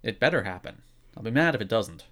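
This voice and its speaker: A man's voice: lowish voice, lively intonation, fast talker, fairly bright tone. A man co-hosting a casual wrestling podcast, wry and opinionated. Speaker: podcast co-host.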